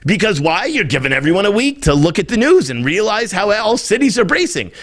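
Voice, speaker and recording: A man's voice: sits high, big pitch swings, fairly quick, a bit bright. A man hosting a podcast, ranting in heated, profane political commentary, openly irritated. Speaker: podcast host.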